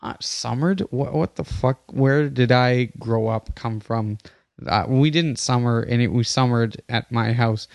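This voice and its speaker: A man's voice: medium pitch, unhurried, creaky, darkish tone, no room sound. A young man telling a long comic story on a podcast, rambling with many fillers, restarts and swearing. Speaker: podcast host.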